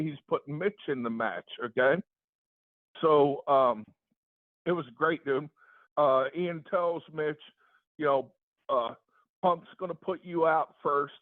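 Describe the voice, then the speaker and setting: A man's voice: on the high side, dry recording. Male guest, casual storyteller, laid-back and profane, dry phone-quality sound. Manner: laid-back, swears freely, asks listener for confirmation. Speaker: podcast guest. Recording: tinny phone-like line.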